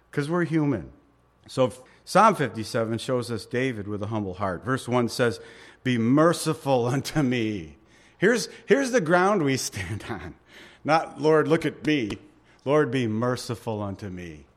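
Animated male preacher. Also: medium pitch. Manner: animated preaching, acts out voices of David and God, chuckles. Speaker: pastor. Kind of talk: sermon.

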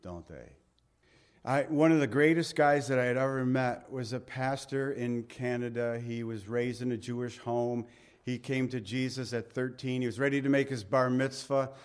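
A middle-aged man preaching in a mid-range voice, neither high nor low. He talks to the congregation conversationally, leaning into big emphatic lines and then dropping to near-hushed asides. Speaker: pastor. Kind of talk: sermon.

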